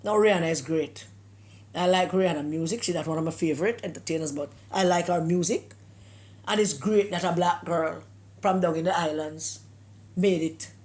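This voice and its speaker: A woman's voice: lowish voice, normal speed, darkish tone. Emphatic Jamaican woman scornfully ranting. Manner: emphatic, scornful rhetorical questions, slips into patois. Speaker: political commentator. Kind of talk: opinion monologue.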